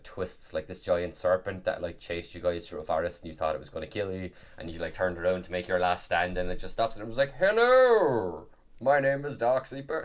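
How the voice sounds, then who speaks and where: A man with a very low voice talks casually on a podcast. He rambles and keeps restarting his sentences. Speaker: podcast co-host and game master. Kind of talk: casual chat.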